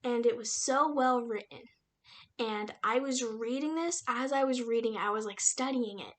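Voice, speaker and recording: A woman's voice: on the high side, moderate pace, fairly bright tone. A young woman casually retelling a novel's plot in a chatty, slangy book review vlog, with lots of fillers. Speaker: book reviewer and aspiring writer.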